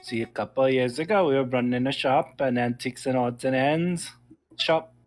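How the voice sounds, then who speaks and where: A man's voice: mid-range voice, normal speed, soft background music, natural voice. A man doing a bitter shopkeeper woman with a French accent. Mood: wry. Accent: French put-on accent. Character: woman antiques shopkeeper, bitter, fallen on hard times. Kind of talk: voicing a video game character on a stream.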